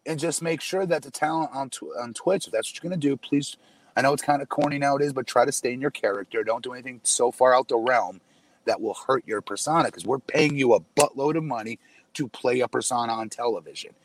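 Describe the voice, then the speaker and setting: A man's voice: medium pitch, quick pace. A man co-hosting a casual podcast, talking loosely and laughing easily. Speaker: podcast co-host. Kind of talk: casual wrestling podcast chat.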